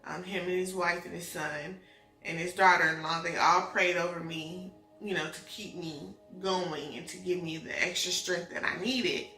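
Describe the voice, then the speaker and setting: A young woman with a bright, slightly low voice tells a personal story in a relaxed, chatty way, acting out the back-and-forth as she goes. She sounds like she is in an echoey room, with faint music underneath. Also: normal speed. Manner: emotional, animated retelling with quoted dialogue. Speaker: vlogger telling her pregnancy story. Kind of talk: casual storytime chat.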